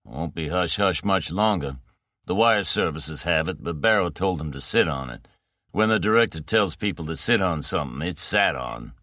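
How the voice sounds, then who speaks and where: A man reading the part of a blunt male agent, talking flatly and emphatically. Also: sits low, moderate pace, no echo, clean studio sound, exaggerated voice. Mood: matter-of-fact.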